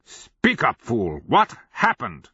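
A man's voice: medium pitch, huge pitch swings, takes it slowly, husky, no echo, pitched above the performer's own voice, heavily acted. Desperate old wizard, read by a male narrator; strained and pleading, dry close recording. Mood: frantic. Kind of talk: audiobook character voice. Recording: slightly muffled dry recording.

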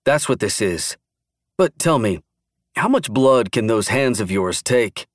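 A man's voice: mid-range voice, sing-song, measured pace, no room sound, clean studio sound. A man voicing a male captive who keeps his shaky voice assertive while bluffing, in an audiobook. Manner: assertive, clipped, faintly shaky. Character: composed male captive bluffing under pressure.

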